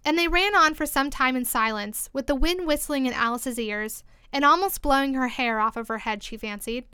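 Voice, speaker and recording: A woman reading a classic storybook aloud in a gentle, measured way. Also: high-pitched, clean tone, no echo, clean studio sound. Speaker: narrator.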